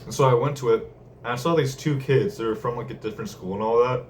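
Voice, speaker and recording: A young vlogger in a room at home rambles through a story from his day, talking fast with lots of slang and laughter. His voice is medium pitched. The mic is distant, with faint room noise.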